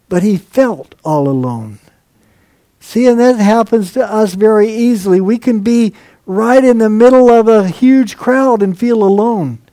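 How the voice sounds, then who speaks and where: A man's voice: sits high, warm tone, dry recording. A man preaching a sermon, expounding a text and acting out quotations to drive his points home. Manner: expository preaching with dramatized quotes.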